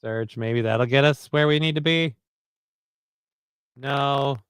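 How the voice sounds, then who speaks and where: A man hosts a loose, jokey livestream, cursing freely as he reads comments and card text aloud. His voice is smooth and clear, at a middle pitch. The sound is dry and close. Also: slow, fairly bright tone, no echo. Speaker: livestream host. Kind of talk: casual livestream chat.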